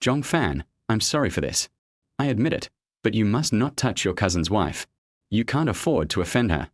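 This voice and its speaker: A man's voice: fairly low pitch, sing-song, normal speed, dry recording. A man voicing a scheming, contemptuous young man in a narrated web comic recap, taunting and sneering. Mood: pleading.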